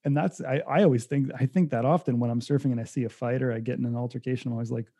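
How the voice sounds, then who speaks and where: A man's voice: mid-range voice, fairly even intonation, racing, mellow, breathy edge. A man explaining ideas in casual chat, reflective and thoughtful. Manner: reflective, explains with acted-out quotes.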